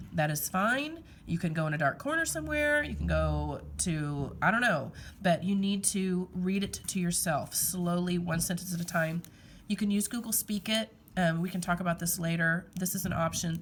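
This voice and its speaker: Brief: woman teacher, low-ish voice, firm classroom instructions, faint background noise. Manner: direct, repeats okay, emphatic instructions. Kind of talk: classroom writing lesson.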